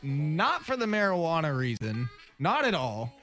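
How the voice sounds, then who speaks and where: A man hosts a sports talk radio show in a relaxed, chatty way. His voice sits a little high for a man, with faint music under it in the studio. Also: measured pace. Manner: laid-back, chatty. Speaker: radio host.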